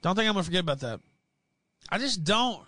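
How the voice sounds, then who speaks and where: A man hosting a livestream, delivering an angry, profane rant that swings between yelling and low muttering, mocking his critics. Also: animated, quick pace, no room sound. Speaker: livestream host.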